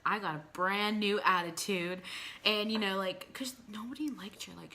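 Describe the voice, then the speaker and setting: Bright-voiced young woman vlogger. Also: medium pitch, a little hiss or hum. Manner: animated storytelling with frequent "like" fillers. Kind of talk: story time vlog.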